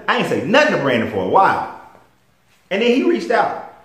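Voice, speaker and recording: A man's voice: a little high, wildly swooping pitch, normal speed, fairly bright tone. A man with a Southern US accent, a life coach telling stories in a plain-spoken, emphatic motivational monologue. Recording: roomy echo.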